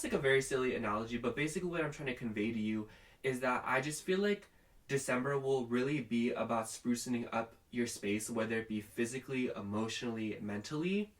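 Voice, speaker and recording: A man's voice: mid-range voice, a bit bright, distant mic. A young man giving a casual, rambling tarot reading, chatty and full of fillers. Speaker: tarot reader.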